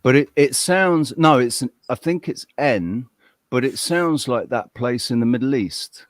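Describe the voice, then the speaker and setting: A man's voice: mid-range voice, lively intonation, a little slow, no echo, clean studio sound. A man hosting a casual podcast chat, bantering loosely, swearing freely and calling people mate. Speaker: podcast host.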